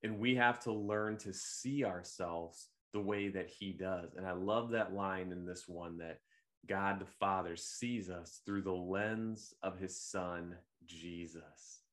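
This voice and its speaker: Low-voiced man giving a gentle devotional reflection. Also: fairly even intonation. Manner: gentle, unhurried, with occasional fillers and restarts. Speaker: podcast host leading devotional meditation.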